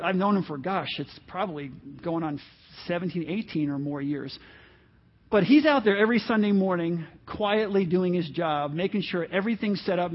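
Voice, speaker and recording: Earnest male pastor, high voice, conversational sermon, dull lo-fi church recording. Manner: earnest, encouraging, conversational with asides. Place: church sanctuary.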